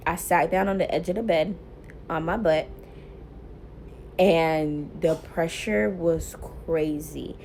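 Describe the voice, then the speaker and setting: Young mom vlogger telling her story, lively, laughs a lot, bit of faint room hiss. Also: deep voice, slow, pauses often. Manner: animated, laughing often, quotes herself loudly. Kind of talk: casual storytelling to camera.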